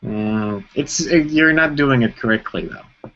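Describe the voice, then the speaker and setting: A man's voice: mid-range voice, lively intonation, measured pace, slight background noise. Guy rambling on a live stream, um and uh everywhere, muffled lo-fi audio. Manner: rambling, lots of fillers and restarts. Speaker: co-host of a live web show. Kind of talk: casual chat.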